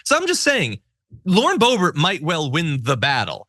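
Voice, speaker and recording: A man hosting a political commentary show, talking in a sarcastic, animated way. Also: a little high, moderate pace, no echo, clean studio sound. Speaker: show host.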